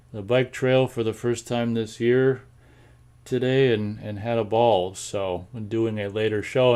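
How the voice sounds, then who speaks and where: A man's voice: fairly low pitch, a little mellow. A man with a General American accent hosting a casual live show, reading chat comments and rambling with many fillers and repeated words.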